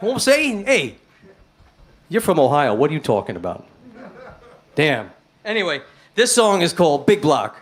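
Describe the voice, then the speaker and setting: A man's voice: fairly high pitch, very animated, moderate pace, long pauses, slight background noise. A middle-aged man with a New York accent, a musician chatting friendly and rambling between songs on a live stream. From New York City. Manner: rambling, friendly, with shout-outs and chuckles.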